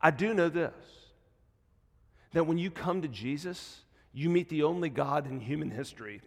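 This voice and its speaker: A male pastor preaching a sermon, moving between quiet, hushed passages and loud, emphatic peaks. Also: a little high, measured pace. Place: church sanctuary. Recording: long hall reverb in a church.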